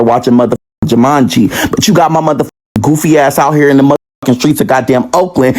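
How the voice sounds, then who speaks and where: Animated, profane man telling a story. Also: fairly high pitch. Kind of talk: casual storytime monologue.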